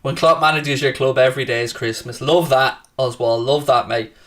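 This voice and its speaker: A man hosting a football watchalong stream, reading viewer comments aloud and taunting rival fans with brash, profane banter that flares into shouting. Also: medium pitch, normal speed, recorded from a distance. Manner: excitable, shouting at times. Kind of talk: casual live-stream chat, reading and answering viewer comments.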